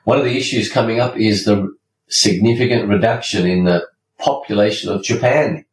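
A low-voiced man hosts a podcast with an emphatic, preachy delivery and the odd joke. He sits back from the mic in a roomy space. A faint ambient hum runs underneath. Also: normal speed, far from the mic. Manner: emphatic, preachy, tells jokes. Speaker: podcast host. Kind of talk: scripted podcast monologue.

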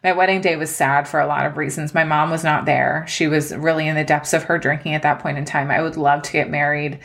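Deep-voiced with vocal fry, this woman in her thirties talks fairly quickly in a steady, slightly bright tone. She hosts a life-update podcast, earnest and emotional, on the verge of tears at moments.

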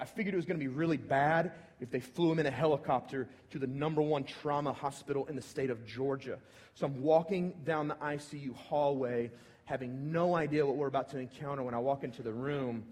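A man's voice: medium pitch, slightly rough. Man preaching in a large echoing hall. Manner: personal storytelling, swinging from hushed to emphatic. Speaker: pastor. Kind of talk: sermon. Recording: long reverb of a large hall.

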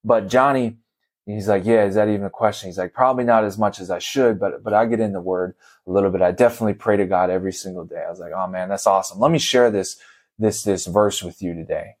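A man's voice: lowish voice, quick pace. Upbeat man telling a story. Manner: energetic, conversational, lots of fillers like "man" and "you know". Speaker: podcast host. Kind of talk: casual storytelling monologue.

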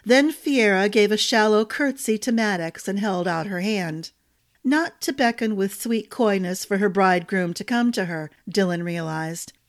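A woman reads a fantasy novel aloud as a podcast storyteller. Her delivery is measured and expressive, in a mid-range voice. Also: medium pitch. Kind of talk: audiobook narration.

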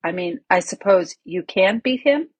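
A woman's voice: medium pitch, expressive, a little slow, breathy edge, no room sound. A woman reading the part of a young male prince who speaks hesitantly. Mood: uneasy.

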